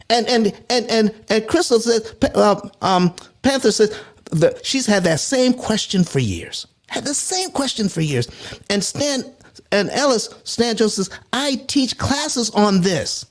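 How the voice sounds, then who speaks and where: A man with a fairly high voice hosts a live finance show. His pitch swings widely as he rallies viewers and reads their comments aloud. He often repeats himself while he works through the numbers. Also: big pitch swings, unhurried. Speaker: host.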